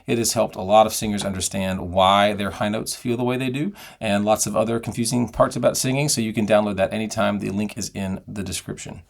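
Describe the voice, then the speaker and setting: A middle-aged singing teacher speaks a little fast in a lowish, gravelly voice with little pitch movement and hardly any pauses. He explains vocal technique and demonstrates sounds and sung phrases.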